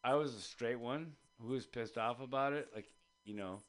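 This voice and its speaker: A man's voice: mid-range voice, moderate pace, a crowd in the background. A man casually telling a long, rambling story on a radio show, swearing freely and slipping into voices for the people in his story. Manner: rambling, profane, acts out voices in his stories.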